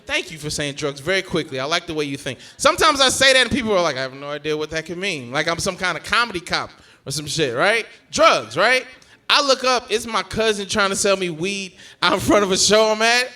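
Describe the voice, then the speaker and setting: A young man doing a stand-up set, telling family stories with animated energy and acting out his relatives. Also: sits high, a little fast. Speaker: stand-up comedian.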